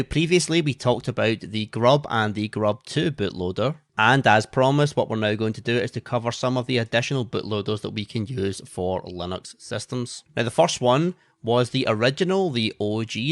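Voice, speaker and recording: A man's voice: on the low side, normal speed, few pauses, no room sound, studio quality. A man giving a methodical technical lecture, spelling out file names as he explains. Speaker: instructor.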